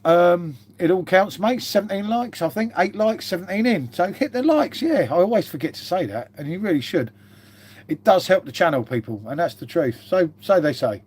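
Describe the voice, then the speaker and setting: A man's voice: high voice, expressive, moderate pace, darkish tone, husky. A British man hosting a casual live stream, chatting and swearing freely, calling everyone "mate" as he reads out viewer comments. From Britain. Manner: chatty and matey, swears a lot, says "mate" constantly.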